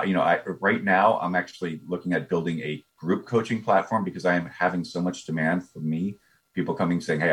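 A man talking as a business coach guest in a casual interview, eager and often repeating his first words. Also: deep voice. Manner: eager, repeats words when starting a thought.

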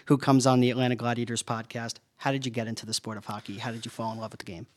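A man's voice: medium pitch, flat delivery, racing. A man from the Northeastern US hosting a team podcast, asking questions in a friendly, chatty way. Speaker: podcast host, team broadcaster.

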